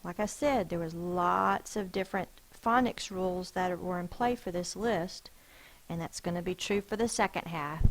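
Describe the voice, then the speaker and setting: A woman teacher giving a phonics lesson, sounding out words slowly and carefully. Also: lowish voice, low-quality recording.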